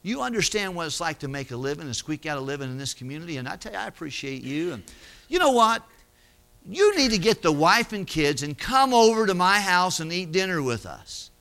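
A man's voice: high voice, very animated, brisk, fairly bright tone, full character voice. A man voicing a friendly, folksy debtor who talks in a chummy way. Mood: grateful. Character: grateful friendly male debtor, folksy businessman.

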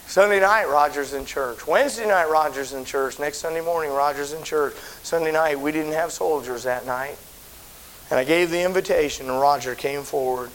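Casting note: middle-aged male pastor, folksy storyteller, slightly high voice, faint tape hiss. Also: normal speed, rough recording. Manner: folksy storytelling, swelling to shouted preaching. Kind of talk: sermon storytelling. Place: church auditorium.

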